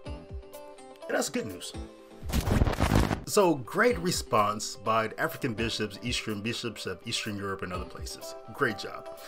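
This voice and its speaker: Lively, bright-voiced man ranting. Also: medium pitch, unhurried, faint music behind. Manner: animated, laughing, mocking impressions. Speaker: podcast host. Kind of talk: unscripted commentary.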